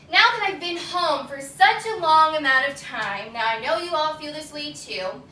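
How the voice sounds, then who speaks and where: A woman's voice: extremely high pitch, sharp tone, a little hiss or hum. A woman leading a children's yoga lesson, upbeat and encouraging, calling out poses and animal sounds for the kids to copy. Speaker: yoga teacher. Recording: echoey room, from a distance.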